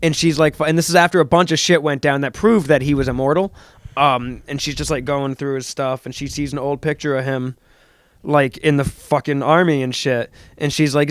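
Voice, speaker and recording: A man's voice: medium pitch, steady tone, a little fast, clear, resonant tone, no echo. Rambling young man, dry close sound. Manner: rambling, profane storytelling. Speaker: podcast co-host. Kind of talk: casual chat.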